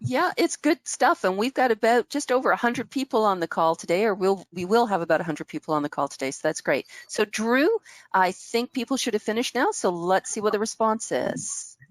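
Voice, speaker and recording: A woman's voice: medium pitch, expressive, brisk, dry recording. A woman hosting a webinar, reading a guest's bio and welcoming her in an upbeat way over a video call. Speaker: webinar host. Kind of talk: webinar introduction.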